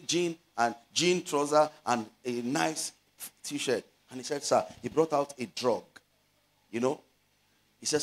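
A middle-aged man with a Nigerian Yoruba accent preaches as a pastor, his pitch fairly high. He builds to loud exhortations, slowing down and stretching out words to stress scripture.

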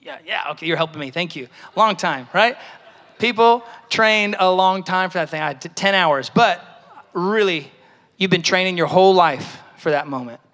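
A man's voice: high-pitched, moderate pace, fairly bright tone, long reverb tail. A man giving a conversational, storytelling sermon at a church service, sharing a personal testimony. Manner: storytelling, conversational, acts out quoted voices. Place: large church hall.

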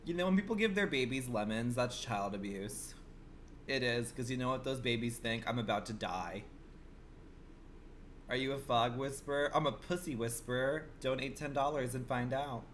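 A man's voice: moderate pace, fairly bright tone, slight background noise. Campy, profane male game streamer. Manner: campy and profane, swinging from murmurs to shrill outbursts. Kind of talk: live gameplay commentary.

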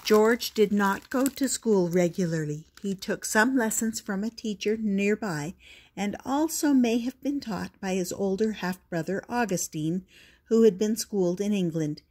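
An older woman reading a children's picture book aloud, gentle and deliberate, with little asides to the listener. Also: medium pitch. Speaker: storyteller.

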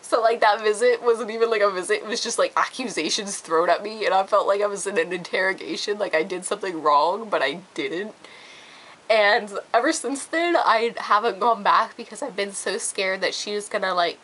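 A woman's voice: mid-range voice, moderate pace, a bit bright, rough recording. Young woman, vlogger, chatty storytelling, lots of fillers, acts out quotes. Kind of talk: casual storytelling vlog.

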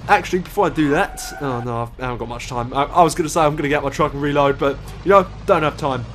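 Casting: tired man doing let's play commentary, slightly high voice, music clearly playing under him. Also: fast, hardly any pauses. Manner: rambling, swearing, self-mocking. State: tired, sleep deprived. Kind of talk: gameplay commentary.

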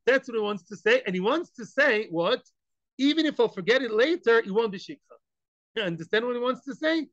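A man teaching a daily Talmud class, animated, asking rhetorical questions and acting out the case. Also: very high voice, dry recording, dull audio.

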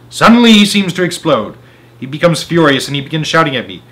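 A man reading a children's story aloud in first person, with dramatic swings between loud and soft. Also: fairly high pitch, big pitch swings, fast talker.

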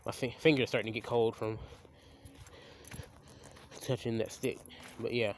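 A man's voice: medium pitch, fairly even intonation, unhurried, vocal fry, a little hiss or hum. Young man, casual outdoor phone vlogger, rambling and stammering. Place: outdoors by a creek. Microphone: handheld phone camera.

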